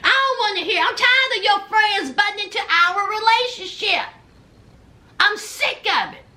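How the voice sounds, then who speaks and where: A woman's voice: very high-pitched, expressive, normal speed, pushed and bright, voice pushed up, full character voice. A woman voicing an irritated grown man who speaks curtly and is fed up. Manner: curt, annoyed.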